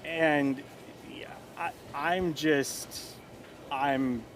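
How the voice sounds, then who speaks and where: Chatty host, slightly high voice. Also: male voice, steady tone, extremely slow, slight background noise. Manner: chatty, jokey, rambling restarts. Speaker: morning show host. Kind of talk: casual chat.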